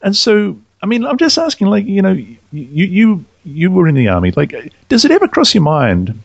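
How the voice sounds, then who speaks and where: A man with a gravelly voice reading Bible verses slowly aloud and asking his co-host questions in casual conversation. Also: high voice, huge pitch swings, no echo, dull audio. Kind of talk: conversational scripture reading and discussion.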